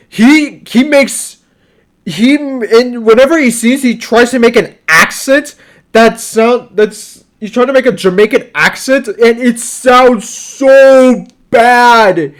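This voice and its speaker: A young man giving a casual album review, exasperated and rambling, full of restarts and swearing. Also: sits high.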